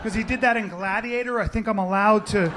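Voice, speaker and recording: A man doing stand-up in a very high voice, rambling through self-deprecating asides. The live recording has clear background noise. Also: a little fast. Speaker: stand-up comedian. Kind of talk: stand-up routine.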